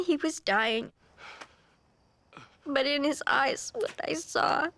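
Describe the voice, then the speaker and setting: A haunted young witness. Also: female voice, fairly high pitch, no room sound. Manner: halting, hushed, haunted recollection. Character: shaken young woman recalling a night of murder. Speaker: narrator recounting events as a former cult member. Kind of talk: dramatized documentary testimony.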